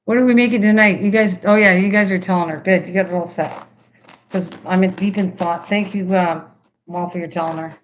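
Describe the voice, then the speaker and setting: A woman's voice: lowish voice, fairly even intonation, fairly quick, muffled recording, slight background noise. An older woman hosting a crafting livestream. She chats casually with viewers, rambling and restarting her sentences as she works. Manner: chatty, rambling, stops mid-sentence and restarts.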